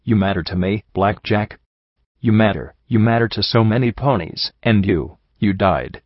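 A man voicing a gentle young female pegasus who speaks softly and tearfully, in a dull, dry recording. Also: on the low side, moderate pace, dry recording, close to an everyday voice. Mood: soft pleading. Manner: soft, tearful.

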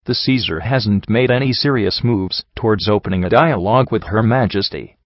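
A man voicing a blunt male pony officer who speaks with a wet, rasping breath. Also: lowish voice, normal speed, no echo, lo-fi sound, lightly acted. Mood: grim.

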